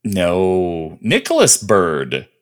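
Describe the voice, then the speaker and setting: Low-voiced man rambling through trivia. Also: huge pitch swings, extremely slow. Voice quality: rambling, listing trivia with many fillers. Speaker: podcast co-host. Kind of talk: casual chat.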